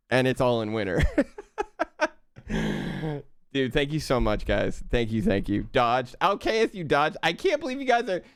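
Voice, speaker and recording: A young man hosting a live stream, thanking viewers in an excitable way, laughing and stumbling over his words, out of breath. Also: medium pitch, smooth, dry recording, clean studio sound. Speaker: livestream host.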